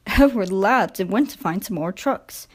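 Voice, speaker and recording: A woman reading a children's railway storybook aloud, gentle and expressive. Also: medium pitch, a little slow. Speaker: storybook narrator.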